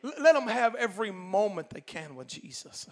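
A man preaching a Pentecostal sermon as pastor, talking in a folksy, colloquial way and swinging from quiet asides to loud shouted preaching. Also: high voice, big pitch swings, moderate pace. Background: faint congregation.

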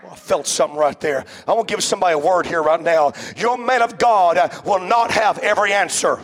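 A man pastor preaching a sermon in a church, with a rhythmic cadence that swells into shouts and frequent "uh" breaths. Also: high-pitched, fast talker, few pauses. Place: church sanctuary before a congregation.

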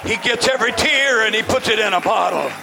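A male pastor, preaching a fervent shouted sermon to his congregation, peppered with "amen" and "uh". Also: sits high, brisk, creaky, crowd noise, background noise. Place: church with congregation.

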